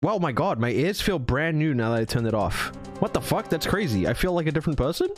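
A young man streaming himself playing a game in a tournament, excitable and jokey, yelling and swearing when things go wrong. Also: fairly high pitch, fast talker, soft background music. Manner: excitable, swears a lot, yells in frustration, jokey. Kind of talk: casual live-stream commentary while gaming.

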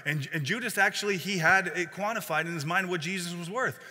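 A man's voice: high-pitched, brisk, pushed and bright. A man preaching a sermon as pastor, conversational, with frequent fillers and restarts. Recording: long hall reverb.

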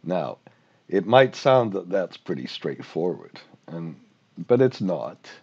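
Brief: casual male lecturer, somewhat low voice, muffled homemade audio. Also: big pitch swings, takes it slowly, creaky, a little mellow, husky. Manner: rambling, self-deprecating. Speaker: finance instructor. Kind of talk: informal recorded lecture.

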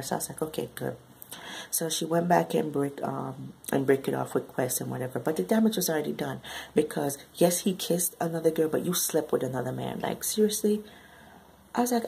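A woman recapping a novel in a chatty, slangy way, often tagging "right?" onto her sentences and bursting into high exclamations. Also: fairly quick, gravelly, warm tone, husky, low-quality recording. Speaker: book reviewer. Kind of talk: casual book recap.

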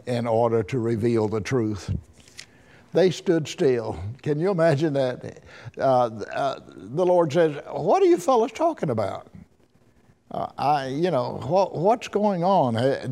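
A man with an Alabama accent teaching a Bible lesson in a folksy, halting way, often repeating his words. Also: mid-range voice, warm tone.

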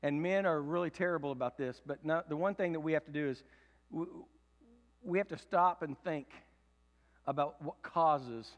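A man in his fifties preaching a sermon, swinging from loud emphatic preaching to low confiding tones. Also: big-room sound. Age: 50s. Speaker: pastor. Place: church sanctuary.

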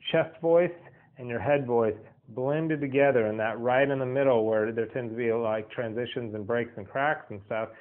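A man's voice: mid-range voice, fairly even intonation, normal speed, few pauses. A man talks through a singing lesson in a loose, rambling way, doubling back on his words and filling gaps with ums. His voice sits in an ordinary middle register. The sound is narrow and tinny, like a phone line. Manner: rambling, repeats words, many fillers. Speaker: singing teacher. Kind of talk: casual spoken vocal lesson.

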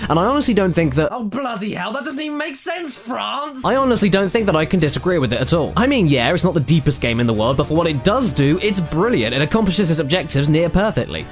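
Brisk, bouncy young man. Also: on the high side. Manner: energetic, jokey, swears freely. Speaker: video game reviewer. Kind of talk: scripted comedic game retrospective. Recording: faint music bed behind voice.

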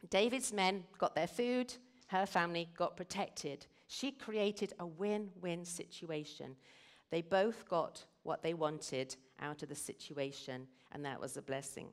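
Speaking at a measured pace in a voice on the low side, a middle-aged woman delivers a sermon as a guest speaker at a church service. Her manner is earnest as she explains things and tells stories.

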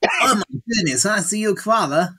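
A man's voice: sits high, animated, moderate pace, bright, forceful tone, slight background noise, voice pushed up. A man putting on a cheery, exaggerated mock Australian accent as a joke figure.

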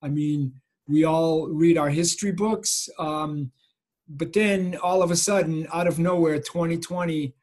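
A man's voice: on the high side, fairly even intonation, a little slow, a little mellow. A middle-aged man from Massachusetts giving an informal talk about his photojournalism over a video call, earnest and reflective with many ums. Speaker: photojournalist guest speaker. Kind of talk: informal lecture.

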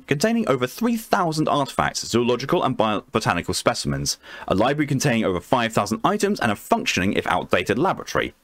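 A man's voice: lowish voice, no room sound. A man reading documents aloud on a live stream, breaking off to swear and react.

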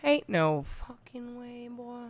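A woman's voice: a little high, expressive, slow. A woman streaming a horror game, reacting with screams, nervous laughter and casual swearing. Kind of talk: reaction gaming commentary.

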